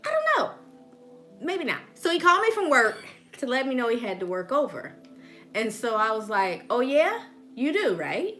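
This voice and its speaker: A high, bright, very lively woman's voice with a Southern US accent. She tells stories in casual conversation, laughing often and acting out what people said. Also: normal speed, faint music behind. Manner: animated, laughs often, acts out quotes. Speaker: podcast host. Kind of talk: casual storytelling chat.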